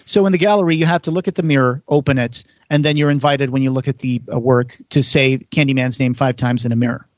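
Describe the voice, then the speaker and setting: A man's voice: mid-range voice, steady tone, quick pace, few pauses, no echo, dull audio. A man hosting a podcast, retelling film scenes in casual detail and acting out quotes. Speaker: podcast host.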